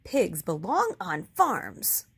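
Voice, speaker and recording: A woman reading a storybook aloud, voicing a bossy older sister who shouts emphatically. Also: fairly low pitch, wildly swooping pitch, slow, husky, exaggerated voice. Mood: bossy shouting.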